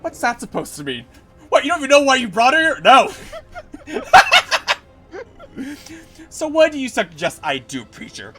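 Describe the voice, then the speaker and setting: A man's voice: a little high, huge pitch swings, a little fast, few pauses, fairly bright tone, soft background music, voice pushed up. A man reading a haughty, mocking female demon goddess aloud from a game. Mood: scornful. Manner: imperious and mocking.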